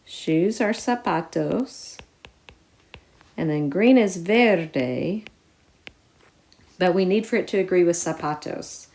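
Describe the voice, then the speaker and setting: A woman with a slightly low voice teaches a lesson one step at a time. She explains clearly and patiently and stresses the important words as she goes. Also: expressive, slow pace, long pauses, darkish tone. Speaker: Spanish teacher. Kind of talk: recorded classroom lesson.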